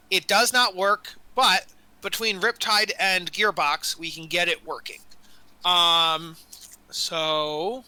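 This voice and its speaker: A man running a tabletop game as dungeon master, narrating in a rambling way, full of fillers and quick self-corrections. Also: high voice, bright, forceful tone, clean tone, no echo, low-quality recording.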